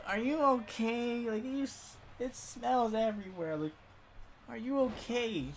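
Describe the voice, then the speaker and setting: A man voicing a worried older female teacher with a Southern accent, drawn-out and repetitive. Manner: high fretful voice, drawn-out and repetitive.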